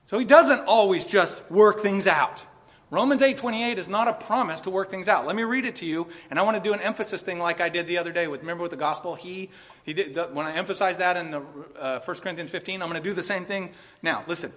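An older male pastor delivers a sermon in a church sanctuary. His voice sits high and he leans hard on emphasis, sometimes pushing close to a shout. A long reverb trails each phrase. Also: animated, fast talker. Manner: emphatic, rises to near shouting.

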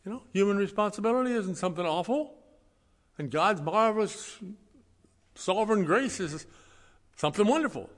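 A man preaches a sermon in a slightly high voice, talking to the congregation in a plain, folksy way. He hits key words loudly and drops into quiet asides. His voice carries a long reverb from a large hall. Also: lively intonation, normal speed. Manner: emphatic, swings between loud stresses and quiet asides. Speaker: pastor.

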